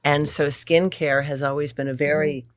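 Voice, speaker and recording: A woman's voice: deep voice, little pitch movement, normal speed, no room sound, studio quality. A woman co-hosting a conversation, enthusiastic and affirming, with rambling asides. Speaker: co-host. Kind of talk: casual conversation.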